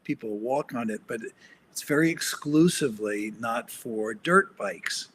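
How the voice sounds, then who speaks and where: A man's voice: medium pitch, a little slow, a bit bright, a little hiss or hum. An older man speaking as the guest counselor in an interview, direct and storytelling. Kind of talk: interview conversation.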